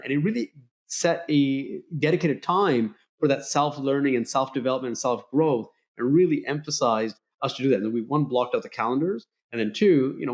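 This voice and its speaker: A middle-aged man hosting an interview podcast, speaking in an earnest, motivational way. His voice sits at an ordinary middle pitch, and he brings remembered conversations to life with lively emphasis. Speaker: podcast host.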